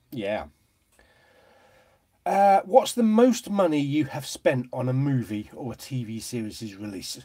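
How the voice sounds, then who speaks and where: A man's voice: medium pitch, expressive, unhurried, warm tone, slightly rough. A British man hosting a casual live-stream chat, jokey and talkative, laughing often.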